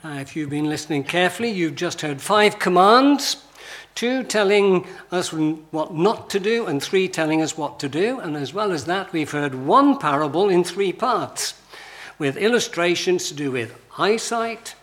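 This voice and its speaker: A man's voice: high-pitched, animated, unhurried, fairly bright tone. A man preaching a sermon in a conversational style, full of rhetorical questions and emphatic lists.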